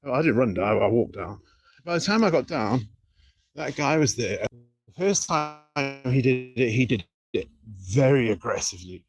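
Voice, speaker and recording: A man's voice: mid-range voice, animated, slightly rough. Rambling man on a livestream. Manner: rambling, repeats himself insistently, halting restarts. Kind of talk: casual livestream chat. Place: outdoors beside an apartment building.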